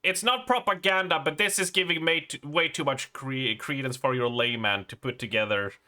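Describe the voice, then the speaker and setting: A man's voice: a little high, normal speed, bright, forceful tone. A young adult Swedish man with a Swedish accent, casually chatting and laughing as he reacts on a live game stream, often stumbling over words. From Sweden.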